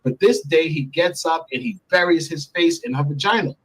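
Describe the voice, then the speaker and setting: Husky-voiced man telling a blunt story. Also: on the high side, normal speed, a bit bright, low-quality recording. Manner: blunt and profane, speaks freely. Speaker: guest. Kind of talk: candid storytelling in an interview.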